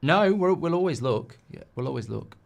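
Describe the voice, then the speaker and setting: A man's voice: a little high, lively intonation, normal speed, vocal fry. A man hosting a live football watchalong, chatting in a rambling way and reading out viewer comments. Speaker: host.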